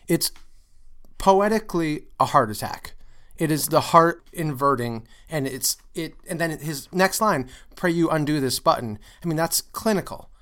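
A man co-hosting a casual theatre podcast, talking about poetry and staging with enthusiasm and jokes. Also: fairly high pitch. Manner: enthusiastic, animated, jokey. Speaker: podcast co-host.

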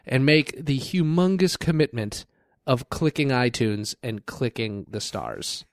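A man's voice: medium pitch, very animated, measured pace, dry recording, clean studio sound. A man co-hosting a casual podcast, joking and self-deprecating with rambling asides. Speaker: podcast co-host.

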